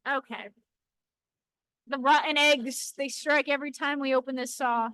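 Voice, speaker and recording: Chatty high-voiced woman in a workshop. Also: steady tone, normal speed, fairly bright tone, a little hiss or hum, low-quality recording. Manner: chatty, playful, self-correcting. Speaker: lapidary shop co-host filming. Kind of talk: casual chat while demonstrating. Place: indoor workshop by a rock saw. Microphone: handheld camera.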